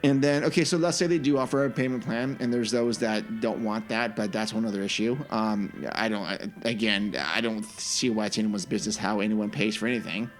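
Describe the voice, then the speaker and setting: A man's voice: lowish voice, fairly quick, few pauses, soft background music. Man riffing on a podcast. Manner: animated, restarts and trails off mid-sentence. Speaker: podcast co-host. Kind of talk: casual podcast chat.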